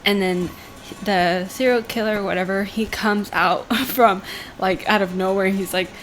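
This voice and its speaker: A woman co-hosting a podcast, retelling a horror episode in a casual, animated way with lots of "like". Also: mid-range voice, a little hiss or hum. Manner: animated retelling, says "like" often, quick laughs. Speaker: podcast co-host. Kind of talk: casual chat.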